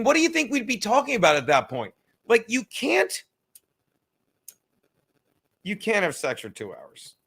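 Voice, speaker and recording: A man's voice: sits high, fairly bright tone, slightly rough. A man hosting a casual podcast livestream, reading chat aloud with profane, rambling, self-mocking talk while fumbling to light a cigar.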